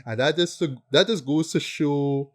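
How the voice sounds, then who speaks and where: A man's voice: on the high side, unhurried. A man talks through his favorite films in an easy, conversational way. He sounds eager and keeps checking in with his listeners as he goes. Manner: enthusiastic, peppers talk with "right?". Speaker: podcast co-host. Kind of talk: casual film review chat.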